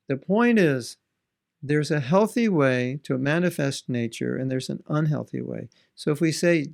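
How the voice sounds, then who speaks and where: A man's voice: a little high, moderate pace, vocal fry, a little mellow. A man giving a devotional talk in an earnest, conversational way, asking his listeners rhetorical questions. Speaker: spiritual teacher.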